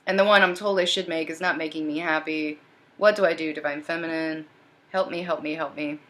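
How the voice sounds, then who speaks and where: A desperate, anxious man keeps pleading for help, as a woman channels him in a tarot reading. The voice stays low and sinks toward a near whisper, repetitive and worn down. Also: steady tone, a little fast, a bit bright. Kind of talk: channeled first-person voicing in a reading.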